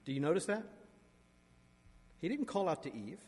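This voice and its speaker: A man preaching a sermon, reading scripture aloud and adding asides, with sharp shifts in loudness and emphasis. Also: high voice, sing-song, normal speed, breathy edge. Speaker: pastor. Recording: long reverb of a large hall.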